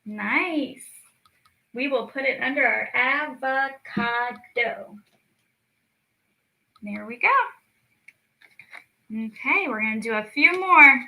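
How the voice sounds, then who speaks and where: A young woman leading a children's lesson, stretching words out slowly and cheering the kids on. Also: on the high side, vocal fry, bright, forceful tone, poor audio. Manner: slow, drawn-out words for children, encouraging. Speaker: speech clinic storytime teacher. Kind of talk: children's lesson, clapping out syllables.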